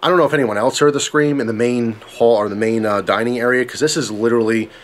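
A man's voice: medium pitch, fairly even intonation, fast. A man casually telling a story to camera, earnest and emphatic, repeating himself when tense.

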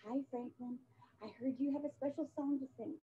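A woman playing a cheerful Mrs. Claus who does magic tricks and puppet patter for children, in a slow, sing-song, coaxing children's-show delivery. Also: high-pitched, steady tone, mellow, slightly rough. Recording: dull, muffled audio.

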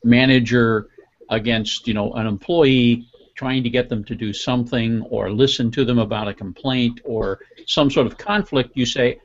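Man, mid-pitched, thoughtful rambling panel talk, dull lo-fi sound. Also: normal speed. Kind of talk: casual panel discussion. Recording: muffled lo-fi recording.

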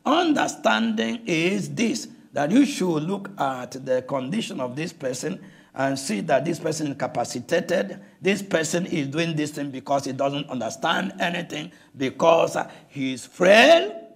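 Gravelly older Nigerian pastor preaching loudly. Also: male voice, fairly high pitch, sing-song, a little slow. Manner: impassioned preaching with frequent shouts and "listen to me". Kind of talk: sermon.

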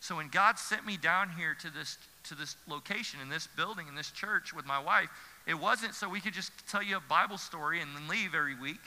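A man's voice: on the high side, brisk, pushed and bright. A man, a pastor preaching an earnest sermon with emphatic repetition. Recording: church hall reverb.

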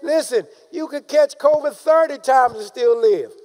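A man preaching a sermon, calling out to the congregation and rising into shouted emphasis. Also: very high voice, unhurried. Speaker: pastor.

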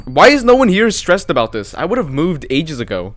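A man's voice: medium pitch, sing-song, fast, hardly any pauses. A man doing let's play commentary on a horror game, jumpy and easily spooked, swearing as he goes. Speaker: gaming YouTuber.

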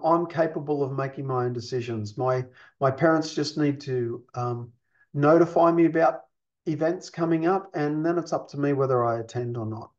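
A man's voice: fairly high pitch, a little mellow, muffled recording. A man teaching a counselling lesson in an explanatory way, often checking in with his listeners. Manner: explanatory, checks in with "you see?" and "okay?". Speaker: counselling instructor.

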